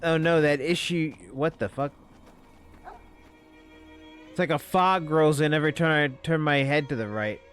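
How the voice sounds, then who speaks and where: A man's voice: a little high, normal speed, pauses often, a bit bright, soft background music. A man giving casual gaming commentary as a streamer, wry and self-deprecating, swearing offhandedly.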